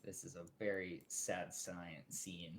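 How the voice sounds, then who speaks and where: A man's voice: low-pitched, measured pace, a little hiss or hum. A man running a tabletop game as dungeon master, calling out rolls and narrating the results casually. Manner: casual, chuckling, relaxed narration of dice results.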